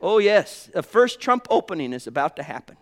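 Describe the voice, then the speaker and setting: A man preaching a sermon with fervor, swinging between hushed tones and ringing exclamations and calling his listeners brothers and sisters. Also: high voice, big pitch swings, fairly quick. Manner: addresses the congregation as brothers and sisters.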